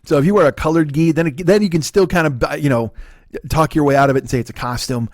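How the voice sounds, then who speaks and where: Middle-aged man, Chicago accent, comedy podcast host, loose profane storyteller, fairly high voice. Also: fast talker, no echo, clean studio sound. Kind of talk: rambling comedic monologue.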